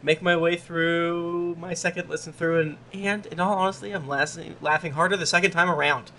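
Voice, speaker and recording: A man's voice: on the high side, fairly even intonation, moderate pace, pushed and bright, a little hiss or hum. Joking man reading listener reviews. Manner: jokey, laughs while reading. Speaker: podcast host.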